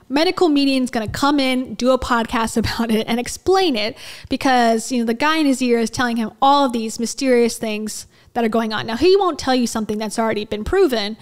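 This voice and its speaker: A woman's voice: a little high, animated, moderate pace. A woman hosting a casual commentary video, talking in a wry, sarcastic, chatty way with plenty of fillers.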